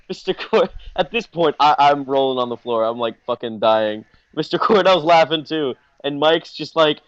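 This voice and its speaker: A man rambles through a story on a podcast, cursing freely and leaning on fillers. His voice sits at an ordinary pitch. The audio is dull and lo-fi. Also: normal speed. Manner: rambling, profane, full of fillers. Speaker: podcast host. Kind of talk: casual comedic storytelling.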